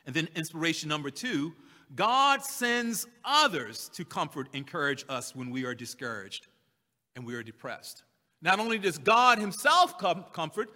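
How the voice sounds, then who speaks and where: Bright high-voiced man preaching in a hall. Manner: slow emphatic repetition, drawn-out scripture readings. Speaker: pastor. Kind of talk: sermon. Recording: long hall reverb.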